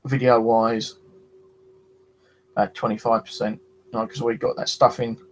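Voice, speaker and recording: In a mid-range voice that barely moves in pitch, a man talks at a moderate pace on a low-quality recording with some hiss or hum. A paranormal investigator, he rambles casually through his experiences, swearing freely and saying "you know" to fill gaps.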